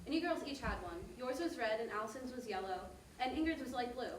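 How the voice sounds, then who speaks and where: A woman's voice: fairly high pitch, lively intonation, slight background noise, lightly acted. A woman playing a mother telling a family story. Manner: fast, detailed storytelling. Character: mother recalling a family trip, warm and detailed. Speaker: narrator. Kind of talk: stage monologue. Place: theater stage. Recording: echoey stage heard from a distance.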